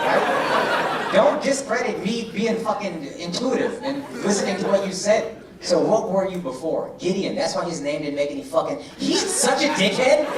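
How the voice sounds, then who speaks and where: A man's voice: sits high, far from the mic. A male comedian doing crowd work on stage, with brash, profane, teasing banter aimed at the audience. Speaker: stand-up comedian. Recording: roomy club with loud audience laughter. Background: audience laughing.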